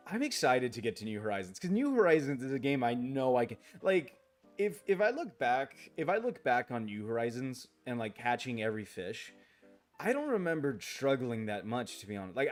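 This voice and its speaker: With a medium-pitched voice, this male streamer chats casually late at night while gaming. He grumbles and curses at the game, restarts his sentences as he rambles, and responds to viewer comments he reads out loud.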